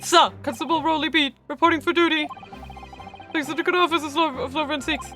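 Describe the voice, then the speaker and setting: A woman's voice: sits high, fairly even intonation, fairly quick, bright, forceful tone, faint music behind, voice pushed up. A woman voicing an earnest, lovesick young male police constable who reports for duty in a formal, soldierly way. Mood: eager.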